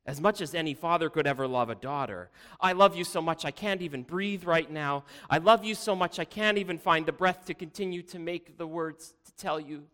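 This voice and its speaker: A man voicing a king's eldest daughter, a young woman who gushes breathless flattery, with a long hall echo. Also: medium pitch, smooth, natural voice.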